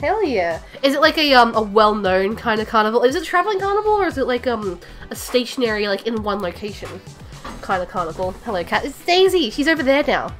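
A woman's voice: fairly high pitch, very animated, fast, a bit bright, faint music behind. A woman live-streaming from home, chatting casually and rambling with many fillers and restarts. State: out of breath.

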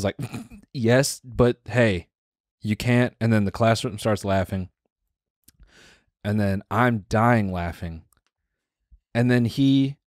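A man's voice: fairly low pitch, no room sound, studio quality. A man co-hosting a podcast who tells stories in a slangy, profane, casual way. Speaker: podcast co-host. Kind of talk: casual chat.

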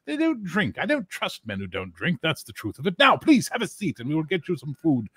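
A high-pitched, swooping voice for a fussy, blustering innkeeper. He gushes at paying guests and barks orders at his staff in a tabletop game. The sound is dry and close. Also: huge pitch swings, brisk, husky, no echo, heavily acted. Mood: gossipy. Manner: blustering, gushing over coin, shouting orders. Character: fussy tall thin balding male innkeeper.

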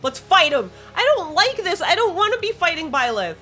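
A woman giving excitable let's play commentary, swearing a lot and shrieking when panicked. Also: very high voice, moderate pace, soft background music. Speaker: gaming streamer.

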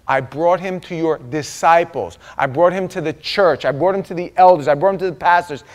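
A man's voice: fairly high pitch, brisk, voice pushed up, close to an everyday voice. A man acting out a desperate father begging for help for his sick son, his pleas rising in urgency. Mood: pleading.

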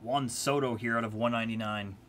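A man's voice: mid-range voice, fairly even intonation, brisk, fairly bright tone, slight background noise. Playful man hosting a card break. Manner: playful, chatty, teasing the chat. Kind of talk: casual live-stream commentary.

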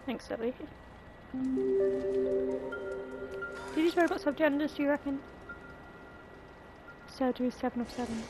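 A woman's voice: fairly high pitch, big pitch swings, a little slow, pauses often, low-quality recording. A woman giving casual, chatty let's play commentary, thinking aloud as she plays and reading out game text. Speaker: gaming video creator. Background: loud game music.

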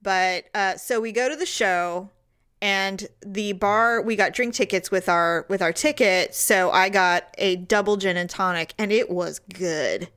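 A woman co-hosting a podcast, telling a story in casual chat and acting out her own quotes in high squeals. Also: a little slow, fairly bright tone, smooth. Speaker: podcast co-host.

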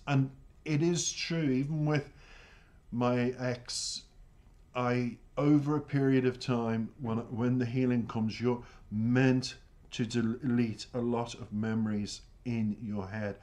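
A middle-aged Irish man hosting a music reaction channel, talking in a halting, emotional way with sighs as he tells a personal story. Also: mid-range voice, fairly even intonation, darkish tone. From Ireland. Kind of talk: reflective reaction commentary.

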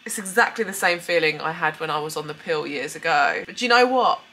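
A woman's voice: low-pitched, animated, fast, bright, forceful tone, slight background noise. A young British woman chatting candidly to camera at home, emotional and a little tearful. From United Kingdom. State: tearful, runny nose. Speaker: beauty vlogger. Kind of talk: casual chat to camera. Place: at home, indoors.

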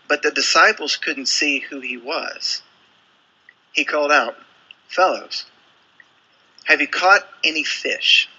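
A man's voice: medium pitch, pushed and bright, breathy edge, rough recording. A man preaching a sermon, telling a Bible story and acting out the quoted lines. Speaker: pastor.

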